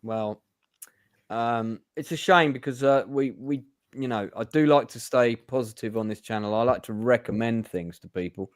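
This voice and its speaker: A man's voice: mid-range voice, moderate pace, no echo, studio quality. A man hosting a casual film review chat, hesitant with many fillers. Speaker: host.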